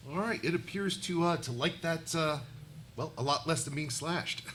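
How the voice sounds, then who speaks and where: A man's voice: a little high, normal speed, fairly bright tone, slight background noise. A man narrating a live tabletop game as game master, often laughing and stumbling over his words as he narrates.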